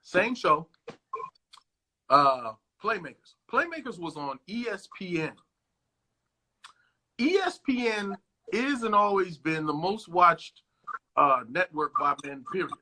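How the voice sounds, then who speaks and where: A man guest in a casual interview, telling stories in a profane, animated way and acting out what others said, over a phone video call. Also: high voice, slow pace, pauses often. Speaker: actor guest.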